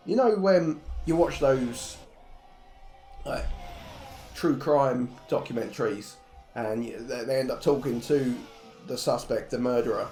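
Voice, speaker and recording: A man's voice: fairly high pitch, darkish tone. A man commentating a live sim race stream in a jokey, blunt way, swearing freely. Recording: roomy echo, faint music behind.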